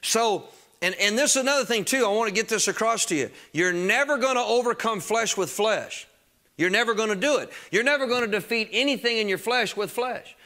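A pastor with a high voice preaches a sermon at a fairly quick pace, addressing the congregation directly. His style is emphatic yet conversational, and he rises to shouts on key phrases.

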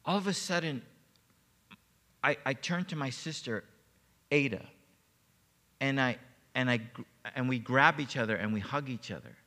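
In a church sanctuary, a male pastor preaches, sharing an emotional personal testimony full of stumbling repeats. His medium-pitched voice is bright and forceful, at normal speed with frequent pauses, and the church hall adds a long reverb.

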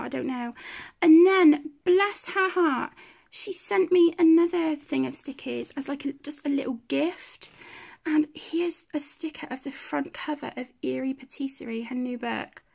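A woman's voice: high-pitched, normal speed, gravelly, a little mellow. A grown woman chatting casually as she tours her home colouring area, rambling and self-deprecating. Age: adult. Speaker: colouring channel host. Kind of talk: casual room-tour chat.

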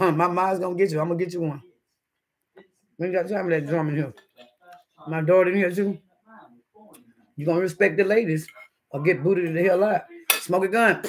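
A man hosting a casual live stream, chatting and reading the chat aloud as he eats breakfast, laughing often. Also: high-pitched. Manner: laughs often, with sudden loud outbursts.

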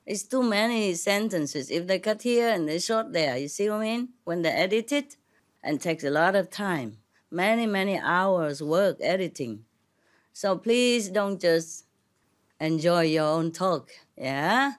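A woman talks very slowly to an audience, laughing often as she goes. Her English is broken, with French words slipped in, and a cough keeps catching her. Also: fairly low pitch, expressive. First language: not English. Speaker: spiritual teacher addressing an audience. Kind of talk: casual talk to an audience, joking.

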